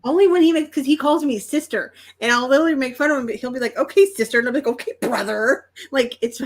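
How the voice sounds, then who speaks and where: A woman's voice: high-pitched, racing. A woman co-hosting a casual chat, telling stories in an amused, chatty way. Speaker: co-host.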